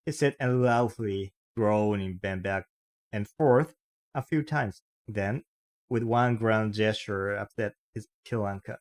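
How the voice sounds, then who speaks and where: Slow low-voiced man reading aloud. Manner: slow, careful reading with small slips. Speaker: reader. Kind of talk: novel read aloud.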